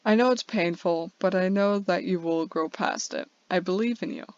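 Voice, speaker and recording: Woman reading a cryptic, gentle female mentor, terse, dry dull recording. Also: lowish voice, normal speed, no echo, natural voice. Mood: encouraging. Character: calm, cryptic female mentor who guides.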